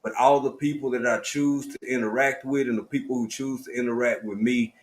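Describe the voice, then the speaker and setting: A middle-aged man hosts a casual livestream chat, speaking in a heartfelt, preacher-like way and calling his listeners family. His mid-range voice is steady and brisk.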